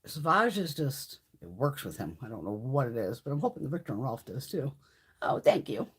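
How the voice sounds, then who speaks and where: A woman's voice: rumbling low, big pitch swings, a little fast, breathy edge. A woman hosting a casual live-stream chat, brash and profane, telling stories with frequent laughs. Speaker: livestream host.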